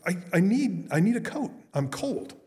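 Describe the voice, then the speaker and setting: A man's voice: sits high, big pitch swings, moderate pace, darkish tone, long reverb tail, pitched above the performer's own voice. A man voicing a startled, cold hunter in a joke told during a sermon. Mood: puzzled.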